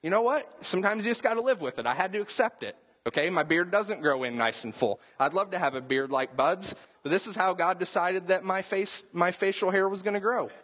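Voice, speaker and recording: A man's voice: sits high, brisk, few pauses, fairly bright tone. A young adult man, a pastor, preaching a sermon in a casual, conversational way with joking asides.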